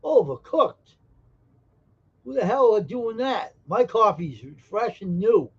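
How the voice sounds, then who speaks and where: A man's voice: high-pitched, big pitch swings, takes it slowly, breathy edge, highs cut off. A man hosting a casual live stream, joking brashly and teasing viewers in chat. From Massachusetts.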